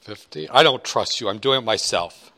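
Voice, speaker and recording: A man's voice: fairly low pitch, moderate pace, pushed and bright. A man lecturing a class on finance, joking and wandering off topic, hammering key points. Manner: joking, digressive, emphatic.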